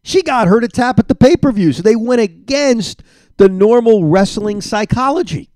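A man hosting a podcast, talking with a lively, swooping delivery that jumps up and down in pitch. He is opinionated and emphatic, ranting at times. The sound is close and dry, with no room around it. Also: normal speed, no room sound. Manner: animated, emphatic. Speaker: podcast host. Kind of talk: solo podcast reaction.

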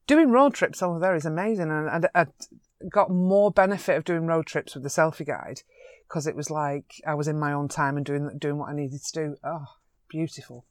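A woman tells lively stories in an interview. Her delivery is animated and excitable, with quick laughs. The sound is dry and close. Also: deep voice, no room sound. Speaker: photographer. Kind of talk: chatty anecdotes in an interview.

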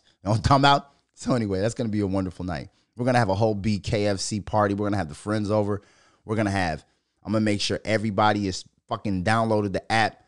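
A man from Minnesota hosting his own podcast, talking casually, swearing a lot and riffing into animated rants. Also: fairly low pitch, fast talker, no room sound, clean studio sound. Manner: profane, animated, riffing and ranting. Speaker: podcast host. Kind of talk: casual solo podcast rant.

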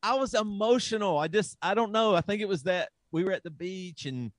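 A man co-hosting a podcast in casual chat, animated and often breaking into laughter. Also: high-pitched, fairly quick, no echo. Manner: animated, laughing, mock-yelling at himself. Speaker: podcast co-host.

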